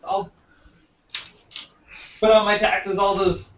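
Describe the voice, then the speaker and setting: A man's voice: sits high, flat delivery, slow pace. A man playing a tabletop game, joking playfully and laughing often. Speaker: player. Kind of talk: casual tabletop game chat. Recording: distant, roomy, dull home recording.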